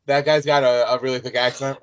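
Male podcast co-host, playful and teasing, relaxed chatter, dull lo-fi recording. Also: medium pitch, quick pace, smooth. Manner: jokey, playfully mangling names. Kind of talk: casual chat. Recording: muffled lo-fi audio.

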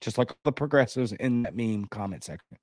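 A man's voice: animated, a little fast, a little mellow, dry recording. Male show host, heated sarcastic rant, blunt insults, dry close sound. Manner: heated and sarcastic, pitch jumping high when outraged. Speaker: host of a political commentary show. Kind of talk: ranting commentary.

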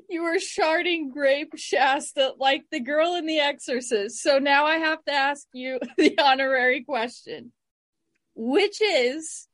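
A woman's voice: high voice, fairly bright tone. A woman hosting a casual interview, upbeat and playful with her questions. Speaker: podcast host.

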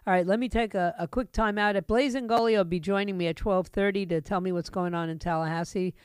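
A woman's voice: medium pitch, fairly even intonation, fast talker, darkish tone, smooth, no room sound. A woman hosting a talk radio show, delivering a sarcastic, indignant monologue from a studio microphone.

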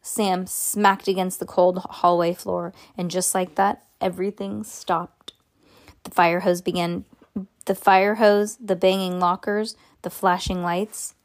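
A woman reading a children's chapter book aloud, stumbling and correcting herself as she goes, and punching out the sound words. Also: fairly low pitch. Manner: halting, self-correcting read-aloud with lively sound words. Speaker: reader.

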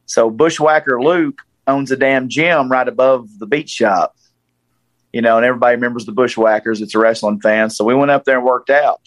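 A man's voice: mid-range voice, fairly quick, no echo, poor audio. Southern man telling a casual story. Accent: Southern American. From Tennessee, USA. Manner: animated storyteller, acts out quoted voices.

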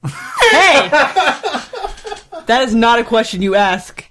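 A man's voice: sits high, brisk, fairly bright tone, slight background noise. A man voicing a brash, touchy young woman crew member with cybernetic parts, in improvised role-play. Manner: touchy, brash, says "bro".

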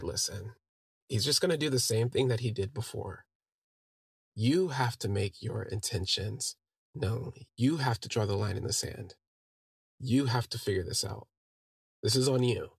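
A man's voice: on the low side, creaky, slightly rough, dry recording, clean studio sound. A man hosting a podcast, telling a personal story in a conversational way and quoting what friends said to him. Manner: conversational, recounting events with quoted dialogue. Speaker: podcast host.

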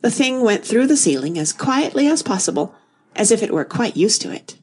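A woman reading a classic storybook aloud in an even, unhurried narration. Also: on the high side, husky.

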